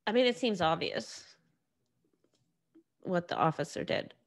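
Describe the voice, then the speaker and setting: एक युवा महिला होस्ट, जो अकेले बैठकर अपने पॉडकास्ट पर बिखरी-बिखरी बातें करती है, बार-बार वाक्य अधूरे छोड़कर फिर से शुरू करती है और खुद पर ही हँसती है।. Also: female voice, fairly low pitch, lively intonation, unhurried. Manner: rambling, self-deprecating, many restarts. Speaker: podcast host. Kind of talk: casual solo monologue.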